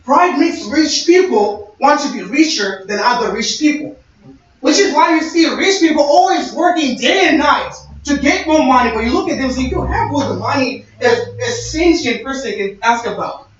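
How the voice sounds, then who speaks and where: A man's voice: very high voice, expressive, moderate pace, a bit bright. A young man giving a sermon-style talk, conversational and storytelling with quoted dialogue. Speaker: speaker. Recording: echoey, distant, dull-sounding room recording.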